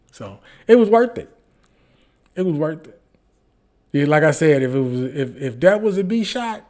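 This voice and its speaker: Man, comedian, casual storytelling, animated, profane, repeats punchlines, medium pitch. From Detroit.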